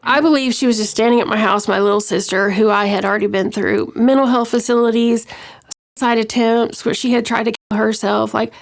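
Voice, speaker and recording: Gravelly-voiced woman, hesitant. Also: on the high side, steady tone, a little fast. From West Texas. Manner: hesitant, many ums and restarts. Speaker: interview guest. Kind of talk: personal account in an interview.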